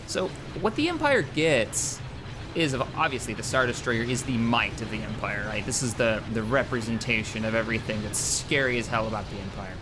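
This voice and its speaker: A man hosting casual gameplay commentary, excitable and rambling, often correcting himself mid-sentence. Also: mid-range voice, fairly quick, background noise. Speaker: gaming channel host.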